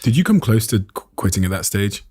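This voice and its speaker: Very deep-voiced male podcast host. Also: big pitch swings, darkish tone, slightly rough, no room sound, clean studio sound. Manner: reflective, measured questions. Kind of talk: interview questioning.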